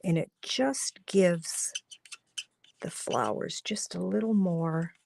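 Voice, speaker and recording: Slow, gravelly-voiced woman teaching a craft class. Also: on the low side, lively intonation, a little mellow, a little hiss or hum. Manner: chatty and instructive, talking while coloring, often drops to a murmur. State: losing her voice. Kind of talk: live-streamed craft demonstration. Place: home craft studio.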